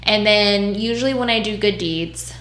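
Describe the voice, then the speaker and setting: A woman who runs a mobile dog-grooming business tells stories in a casual, profane, no-nonsense manner, voicing the other characters herself. Her mid-range voice is fairly bright and goes at normal speed. There's roomy echo plus a little hiss or hum.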